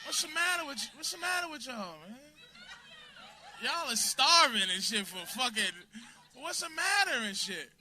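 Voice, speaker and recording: A man's voice: extremely high pitch, sing-song, moderate pace. A man doing stand-up in a comedy club, brashly mocking audience members with profane crowd work. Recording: loud crowd laughter, club noise.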